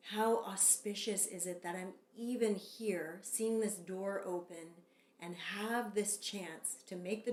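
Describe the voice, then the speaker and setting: A woman teaching a yoga sutra lesson, speaking calmly and measured, leading chants. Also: mid-range voice, roomy sound. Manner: calm, slow and measured, with long drawn-out chants. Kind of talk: Sanskrit sutra lesson with call-and-response chanting.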